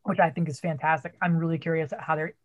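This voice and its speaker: A woman in her forties from Massachusetts with a Massachusetts accent, a theater rigger talking loudly and bluntly and swearing a lot in casual podcast chat. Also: sits low, steady tone, quick pace, lo-fi sound. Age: 40s.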